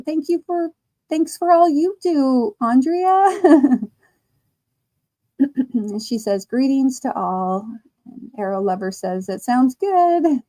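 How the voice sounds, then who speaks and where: A woman's voice: high-pitched, expressive, mellow. A woman hosting a casual crochet livestream, reading out chat comments and laughing often while she crochets. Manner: slow, chatty, laughs often. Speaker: livestream host.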